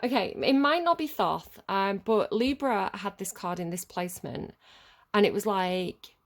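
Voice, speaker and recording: A woman talks her way through a tarot reading in a loose, chatty ramble, dropping swear words without a second thought. Her voice sits at an ordinary middle pitch and has a gravelly, fry-edged texture. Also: a little slow. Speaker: tarot reader. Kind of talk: casual tarot reading monologue.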